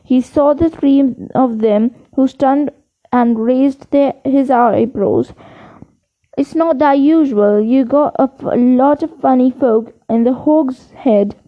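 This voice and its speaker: A woman's voice: high-pitched, slow pace. A woman reading as a rambling big gamekeeper. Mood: casual. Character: big friendly gamekeeper man, easygoing. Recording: dull lo-fi recording.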